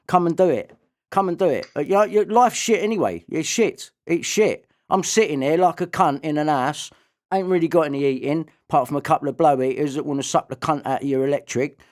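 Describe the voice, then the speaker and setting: A man in an angry, sweary rant, shouting threats and insults. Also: fairly high pitch.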